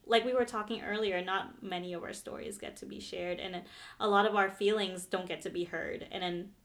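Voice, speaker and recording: A woman hosting a casual podcast, speaking in a gentle, affirming way. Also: mid-range voice, steady tone, fairly quick. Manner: gentle, affirming listener with soft agreements. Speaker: podcast host.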